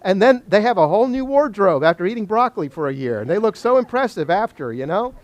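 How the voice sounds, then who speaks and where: A man teaching a Bible study, animated and joking, asking the class questions. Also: sits high, fast.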